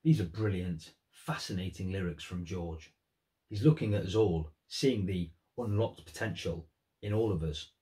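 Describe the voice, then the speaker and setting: A man's voice: sits low, expressive, moderate pace, dark tone. A man giving earnest, thoughtful commentary on song lyrics in a vlog. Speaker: music vlogger.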